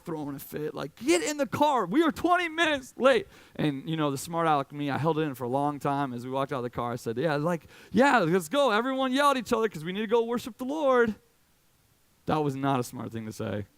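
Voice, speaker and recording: A man's voice: on the high side, clear, resonant tone, no room sound. A man in his late twenties from Indiana, a youth pastor giving a casual, self-deprecating talk full of personal stories. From Indiana, USA. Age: late 20s. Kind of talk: sermon with personal storytelling.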